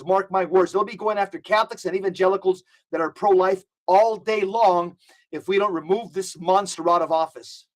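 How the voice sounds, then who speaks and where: A man with a notably high voice speaks as a guest commentator. He is fervent and preachy, stacking up long lists with rising emphasis. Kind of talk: impassioned political commentary.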